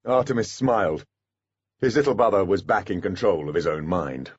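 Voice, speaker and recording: A man narrating an audiobook in a scripted, expressive storytelling manner. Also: deep voice, normal speed, husky, dry recording, muffled recording.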